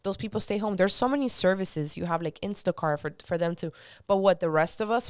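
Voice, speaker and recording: A woman's voice: mid-range voice, a little fast, clean tone, no echo, studio quality. A woman talking as a podcast guest in casual conversation, blunt, profane and heated.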